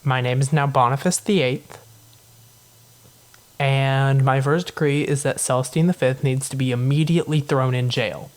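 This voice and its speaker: A man's voice: medium pitch, steady tone, moderate pace, lightly acted. A man voicing a ruthless cardinal-turned-pope, casual and coldly decisive. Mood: flat.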